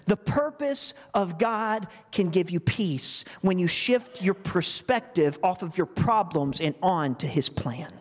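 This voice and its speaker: A man's voice: high voice, expressive, slow, few pauses. Earnest male preacher, lingering church reverb. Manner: earnest, emotional storytelling with many restarts. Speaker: pastor. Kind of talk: sermon. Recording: long reverb from a large hall.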